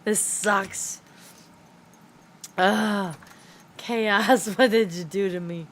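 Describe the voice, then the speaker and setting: A woman's voice: medium pitch, fairly even intonation, drawn-out words, pauses often, slight background noise. A middle-aged woman streaming a game, chatting casually and telling stories, giggling often and swearing now and then. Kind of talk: casual livestream chat while playing.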